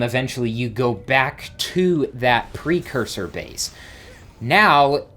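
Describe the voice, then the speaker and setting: A man's voice: mid-range voice, fairly bright tone. A man hosting a let's play, giving rambling gameplay commentary and thinking aloud with small exclamations.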